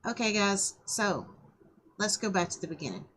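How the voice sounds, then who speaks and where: A woman's voice: medium pitch, very animated, moderate pace, a bit bright. A woman with a scratchy throat, an author reading her own novel aloud after a casual, welcoming intro to her viewers.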